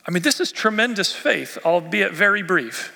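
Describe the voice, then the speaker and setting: A male pastor preaching a sermon expressively, rising in force and dropping to near quiet. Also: high voice, expressive, moderate pace, vocal fry. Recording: long reverb of a church hall.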